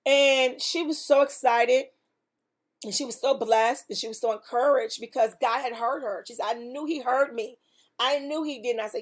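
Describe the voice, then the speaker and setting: A woman's voice: a little high, normal speed. A woman hosting a faith podcast, telling a testimony in an earnest, emphatic way with preaching repetition. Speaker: podcast host.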